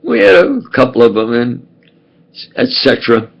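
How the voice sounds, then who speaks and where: An older man with a New York accent, talking in a halting, wandering monologue full of fillers and restarts. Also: medium pitch, sing-song, creaky, breathy edge, muffled recording. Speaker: video blogger. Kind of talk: rambling monologue.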